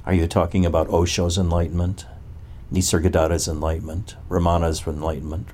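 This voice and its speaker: A man's voice: low-pitched, flat delivery, brisk, a little mellow, a little hiss or hum. A man as a spiritual teacher, giving a talk to a gathering and asking one probing rhetorical question after another.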